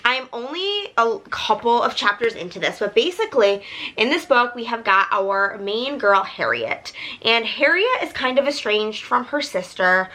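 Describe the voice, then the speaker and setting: A woman's voice: on the high side, bright, forceful tone, low-quality recording. A young woman vlogging about books in a casual, chatty way, full of "like" fillers as she retells scenes. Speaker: book vlogger.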